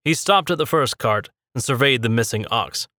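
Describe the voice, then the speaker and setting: Bright, dry-voiced male narrator. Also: mid-range voice, no room sound. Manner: steady, measured reading. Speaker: audiobook narrator. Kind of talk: scripted fantasy narration.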